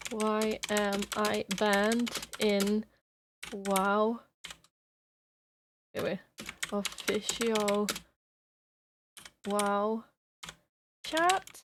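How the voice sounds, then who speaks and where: A woman livestreamer chatting casually with her viewers, playful and quick to laugh as she greets them by name. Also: mid-range voice, background noise. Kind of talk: casual chat with stream viewers.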